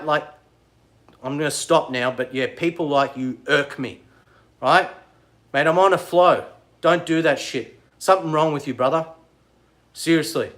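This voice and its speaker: A man chatting casually on a livestream, rambling and excitable, answering commenters as he goes. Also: on the high side. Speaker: vlogger.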